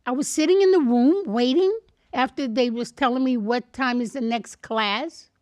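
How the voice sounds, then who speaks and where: An older woman, a podcast guest, telling a lively anecdote in casual chat, laughing and acting out the people in her story. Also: high voice, moderate pace, no echo.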